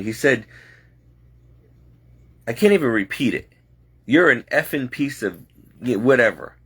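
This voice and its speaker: A man casually telling a personal story in an earnest, halting way. He often restarts his sentences and speaks openly about God and the supernatural. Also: medium pitch, a bit bright. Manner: earnest, halting, circles back on itself.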